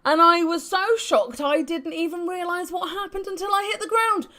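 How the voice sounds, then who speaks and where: A woman's voice: extremely high pitch, moderate pace, pushed and bright, voice pushed up. A woman voicing a boastful old male ex-thief in a grungy put-on accent, reminiscing in a video game.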